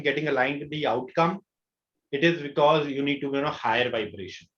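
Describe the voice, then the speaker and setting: A man with an Indian accent, a coach giving an online workshop in an earnest manner, often asking the listeners rhetorical questions. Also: fairly high pitch. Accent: Indian English. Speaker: law of attraction coach. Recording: roomy, dull lo-fi webinar audio.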